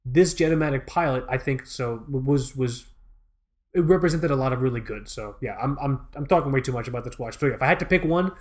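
A man's voice: medium pitch, quick pace. Man, podcast co-host, casual chat, rambling, enthusiastic, swears freely.

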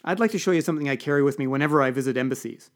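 A man playing a bossy, loud political staffer. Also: mid-range voice, lightly acted. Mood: commanding. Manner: brisk and commanding.

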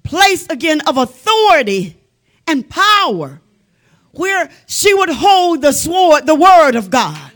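A woman preaching a sermon with fervent emphasis, building to loud exclamations and sometimes dropping to a hush. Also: sits high, sing-song, slow pace. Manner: drops to hushed tones for dramatic effect.

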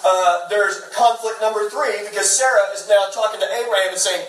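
A man in his thirties delivers a sermon in a loose, conversational way, slipping in jokes and side stories. His voice sits high and sounds forceful and bright. The mic is some distance away in an echoey room with faint ambience behind. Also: fairly even intonation, a little fast. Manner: conversational and joking, with lots of asides. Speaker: pastor. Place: church sanctuary.

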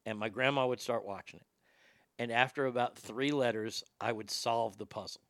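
Bright, crisp-voiced male talk host. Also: medium pitch, normal speed, no room sound. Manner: animated, wry storyteller who swears freely. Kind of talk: casual storytelling and chat.

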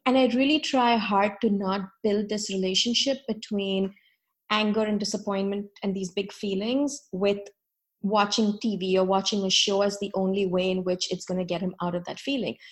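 Woman host, mid-pitched, thoughtful conversational delivery with soft fillers. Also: fairly even intonation, normal speed. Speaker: podcast host. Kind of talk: conversational interview.

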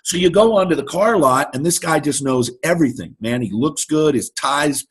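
A man's voice: on the high side, normal speed, breathy edge. A middle-aged man telling a story as a guest in an interview, acting out the voices of the people he quotes. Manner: animated anecdote-telling, acts out quoted voices. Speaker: guest speaker.

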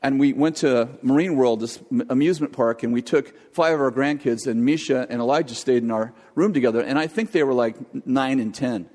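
An older man preaching a sermon, telling a jokey family story in an animated way. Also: mid-range voice, a little fast, hardly any pauses. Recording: long hall reverb.

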